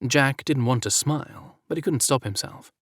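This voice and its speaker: A man narrating a romance audiobook at a measured, even pace. His voice sits in a middle pitch. The recording is dry and close to the mic. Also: no room sound.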